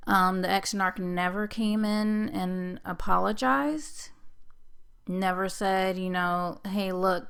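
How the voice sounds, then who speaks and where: Woman vlogger, slow and hesitant storytelling with fillers, smooth voice with a gravelly edge. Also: medium pitch, a bit bright. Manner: hesitant, many fillers and restarts. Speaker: vlogger recounting personal experience. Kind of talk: casual personal storytelling.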